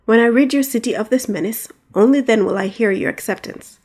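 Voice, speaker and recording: A woman's voice: fairly high pitch, brisk, a little mellow, lightly acted. A boastful young knight declares his intentions in grand, formal tones, voiced by a woman narrator. Gallant and sure of himself.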